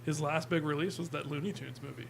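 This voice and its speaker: A man's voice: a little high, fairly even intonation, quick pace, gravelly, a little hiss or hum. A man co-hosting a casual podcast, explaining things in a dry, matter-of-fact way. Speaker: podcast co-host. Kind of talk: casual chat.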